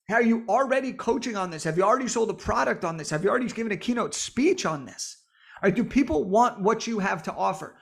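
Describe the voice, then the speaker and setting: A man in his thirties talks straight to camera in an upbeat coaching style. He drives each point home with emphatic repetition and a stream of rhetorical questions. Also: sits high. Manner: emphatic, repeats phrases for effect. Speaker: book coach. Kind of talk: energetic coaching talk to camera.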